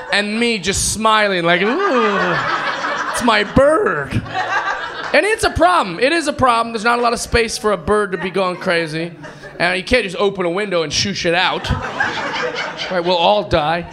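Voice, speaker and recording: A man with a high voice tells a story on a comedy club stage, excitable and quick to act out the people in it. Loud crowd laughter rolls in behind him throughout. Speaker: stand-up comedian. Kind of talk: live stand-up storytelling. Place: comedy club stage before a live audience.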